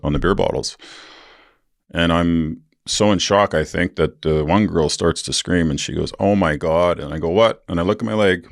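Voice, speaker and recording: Very deep-voiced man telling a wild story. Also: dry recording, clean studio sound. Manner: rambling, profane, lots of fillers; acts out other people's lines in a raised voice. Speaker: podcast host. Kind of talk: casual storytelling.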